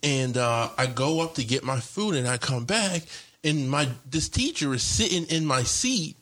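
A man's voice: a little high, normal speed. A young man casually telling a long story on a podcast, rambling, with lots of fillers and swearing. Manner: rambling, heavy on fillers and profanity, animated retelling.

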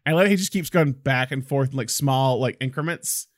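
A man's voice: medium pitch, a little fast, no room sound, studio quality. A man co-hosting a casual film discussion, talking enthusiastically and acting out quotes from the movie.

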